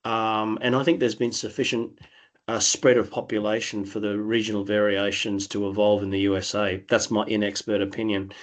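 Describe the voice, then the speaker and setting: A man's voice: lowish voice, little pitch movement, moderate pace. An Australian man with a nasal tone, answering interview questions thoughtfully with frequent restarts. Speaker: interview guest. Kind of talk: conversational interview.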